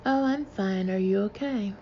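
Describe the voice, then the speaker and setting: A woman's voice: medium pitch, normal speed, dark tone, dull audio, slight background noise, close to an everyday voice. Woman voicing a bubbly young friend on the phone. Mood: wistful.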